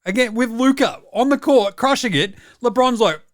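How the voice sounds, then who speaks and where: An Australian man hosting comedic sports highlights, with cheeky, mocking banter. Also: moderate pace. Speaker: host.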